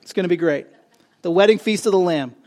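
Animated high-voiced male preacher. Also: fast talker. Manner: animated preaching, rising loud on key phrases, joking asides. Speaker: pastor. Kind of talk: sermon.

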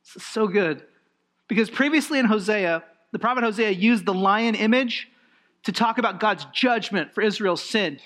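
A man preaching a sermon, emphatic and animated, with rhetorical questions and lively swings in emphasis. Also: high-pitched, moderate pace. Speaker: pastor.

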